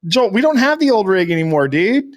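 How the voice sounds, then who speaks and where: A man co-hosting a podcast in casual, excitable chat, swearing freely. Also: high voice, brisk. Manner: excitable, swears a lot, jumps into voices. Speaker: podcast co-host. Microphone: video call camera.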